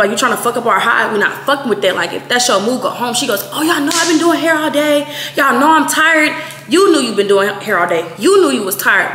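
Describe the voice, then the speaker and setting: Bright-voiced young woman in an echoey room. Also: fairly high pitch. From Texas. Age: 20s. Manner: blunt, profane, animated retelling with quoted voices. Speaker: vlogger. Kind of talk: casual storytime. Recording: echoey room, faint noise.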